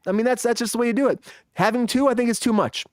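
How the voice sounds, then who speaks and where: A man's voice: extremely high pitch, fast talker, dry recording. A man hosting a live entertainment news show, speculating with enthusiasm in casual chat.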